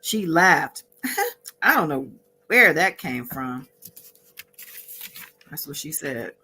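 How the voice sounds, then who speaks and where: A woman hosting a casual recap, reading out exchanges from her notes with frequent fillers and pauses. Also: sits low, animated, sharp tone, breathy edge, soft background music. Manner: reads out courtroom exchanges from notes, pausing with fillers. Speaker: host recapping a court trial.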